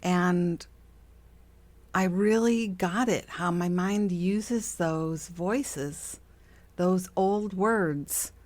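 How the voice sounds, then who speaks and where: A woman's voice: fairly low pitch, extremely slow, darkish tone, no room sound. A middle-aged woman hosting a podcast, talking casually about spiritual self-help, chatty and laughing often, acting out voices she quotes. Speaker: podcast host.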